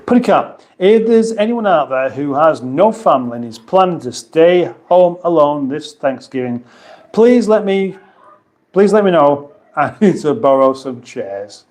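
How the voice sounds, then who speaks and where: A man's voice: fairly high pitch, expressive, unhurried, darkish tone. A man with an English accent hosting a casual live stream from his kitchen, reading viewer comments aloud with dry, playful banter. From England. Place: home kitchen.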